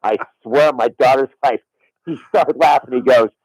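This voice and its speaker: A man's voice: medium pitch, moderate pace, darkish tone, no echo, low-quality recording. A middle-aged man, a former caddie, telling a long story on radio and swearing on his daughter's life. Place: radio studio.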